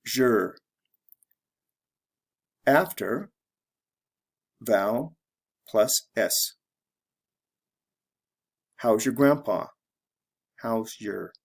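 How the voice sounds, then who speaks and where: Slow gravelly American man teaching. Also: medium pitch, lively intonation. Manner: slow, deliberate drilling of example phrases. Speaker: English pronunciation teacher. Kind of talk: slow scripted lesson narration.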